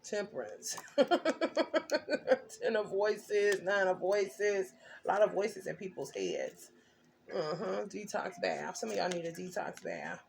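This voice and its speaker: Gravelly-voiced woman giving a tarot reading. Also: medium pitch, expressive, slow pace, slight background noise. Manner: intense, emphatic storytelling with blunt slang. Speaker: tarot reader.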